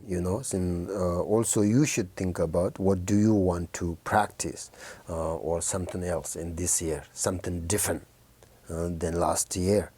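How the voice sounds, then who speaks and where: A man speaks as a Buddhist teacher in a very low, mellow voice, offering gentle New Year encouragement to his students. He talks slowly, pausing often with soft fillers. The sound is dry and close. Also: slightly rough, dry recording. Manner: halting, many fillers and pauses.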